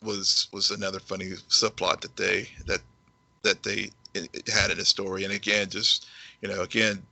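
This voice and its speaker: A man co-hosting a podcast, talking casually with halting repeats while summing up a show. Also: sits low, flat delivery, gravelly, pushed and bright, poor audio. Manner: halting, repeats words, summarizes plots. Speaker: podcast producer and co-host. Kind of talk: casual review chat.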